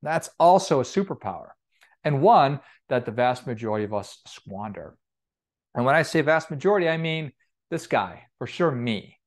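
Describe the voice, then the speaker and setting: Man, finance coach, upbeat, energetic, motivational talk, repeats phrases, mid-pitched voice. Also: normal speed.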